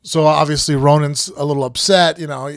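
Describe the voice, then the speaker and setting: A man co-hosting a podcast rambles through a long travel story, acting out the quoted lines. His voice is a little high, creaky and fairly even in intonation, moving a little fast. The studio sound is clean with no echo.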